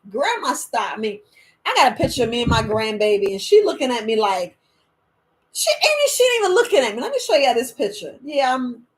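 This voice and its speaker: An older woman hosting a casual wellness chat, animated and dramatic, laughing often, with loose speech. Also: on the high side. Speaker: wellness podcast host.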